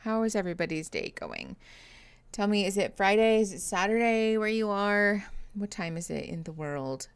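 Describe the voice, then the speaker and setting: A woman's voice: medium pitch, very animated, normal speed, clean tone, dry recording. A young adult woman, a therapist, chatting casually on a livestream, reading comments and greeting viewers, tired and yawning, laughing often. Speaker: therapist streaming reactions.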